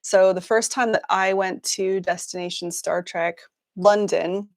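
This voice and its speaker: A woman's voice: medium pitch, fairly even intonation, a little slow. Chatty woman hosting a livestream. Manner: chatty, laughs often, many fillers and restarts. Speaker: news show host. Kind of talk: casual livestream chat.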